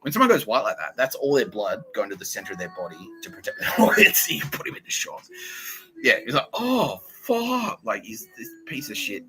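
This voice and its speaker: A man's voice: lowish voice, very animated, fast, few pauses, poor audio. A young Australian man hosting a podcast, telling a heated, profane story in a rambling casual monologue. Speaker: podcast host.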